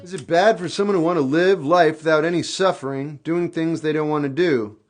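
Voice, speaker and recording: A man's voice: fairly high pitch, a little fast, loud music behind the voice. A man hosting a live stream, giving casual life advice with candid reflection and sudden goofy outbursts. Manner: animated, goofy bursts of shouting.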